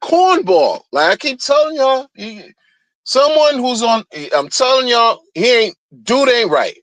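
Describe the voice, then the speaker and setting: A man's voice: extremely high pitch, big pitch swings, unhurried, a bit bright, no room sound, poor audio. A man ranting in a heated, mocking way, repeating phrases to drive his point home. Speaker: streamer ranting commentary. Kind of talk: casual rant.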